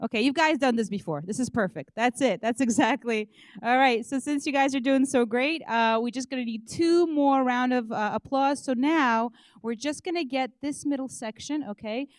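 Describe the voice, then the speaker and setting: Woman, high voice, dry close mic, warm-up comic, loud crowd-hyping. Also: moderate pace, dry recording. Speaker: audience warm-up comedian. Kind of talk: stand-up warm-up, leading applause. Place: auditorium.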